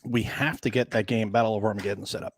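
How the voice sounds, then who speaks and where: A man's voice: lowish voice, steady tone, fast. A man co-hosting a board game stream in casual chat, laughing often and acting out remembered lines.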